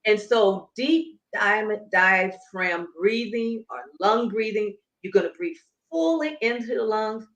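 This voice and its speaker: A woman's voice: mid-range voice, slow, hardly any pauses, a bit bright, lo-fi sound. A woman who coaches Pilates and breathing, explaining emphatically in a conversational interview. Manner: emphatic, instructive, demonstrating as she explains. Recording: echoey room.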